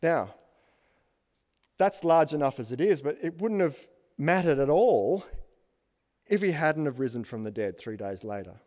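Pastor preaching in a reverberant hall. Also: male voice, fairly high pitch, animated, unhurried, long pauses, darkish tone. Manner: asks the congregation questions, emphatic lists. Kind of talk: sermon.

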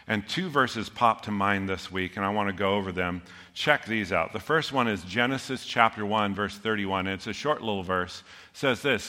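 A male pastor delivers a sermon in a bright, forceful voice. He talks conversationally and with humor, pushing some lines out loudly and dropping others to a hushed, earnest level. The sound carries the long reverb of a large hall. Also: lowish voice. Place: church.

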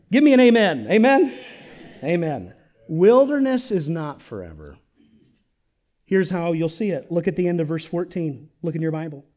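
A pastor preaching a sermon, swinging between loud peaks and near-whispers and putting questions to the congregation. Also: male voice, fairly high pitch.

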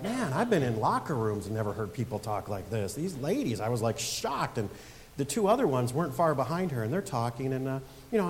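A male pastor in his forties delivers a sermon, shifting between conversational storytelling and emphatic, rising preaching. His mid-pitched voice carries a long hall reverb, with a faint hiss under it. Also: a little mellow. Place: church sanctuary.

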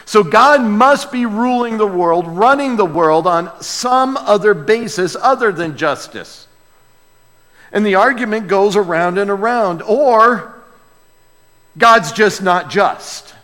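A man preaching a sermon with a fairly high voice, taking his time over every phrase. He swings from hushed asides to forceful, emphatic bursts. His voice carries a long reverb from a large church hall. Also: animated, slow. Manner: emphatic, swinging between quiet asides and loud outbursts. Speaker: pastor. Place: church sanctuary with a sound booth.

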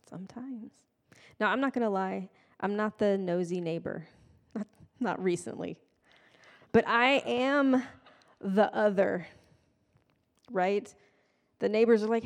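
A woman giving a casual, conversational sermon with playful, self-deprecating asides. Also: medium pitch. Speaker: preacher. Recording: long hall reverb.

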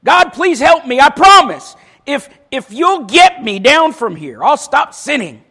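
A man voicing a desperate man clinging to a branch on a cliff, panicked and shouting for help. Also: very high voice, big pitch swings, moderate pace, pitched above the performer's own voice, exaggerated voice. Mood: pleading.

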